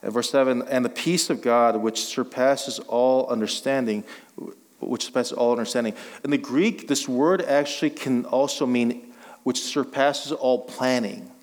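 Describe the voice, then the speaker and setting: A man's voice: mid-range voice, measured pace. A male guest pastor preaching a sermon, conversational and joking, building to emphatic exhortation. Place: church sanctuary. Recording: long reverb of a church hall.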